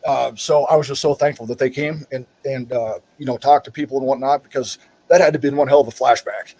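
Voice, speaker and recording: A man, a military veteran and podcast co-host, telling army stories in casual chat, swearing constantly and loudly mimicking officers. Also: mid-range voice, fairly even intonation, fast talker, rough recording. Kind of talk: casual profane storytelling.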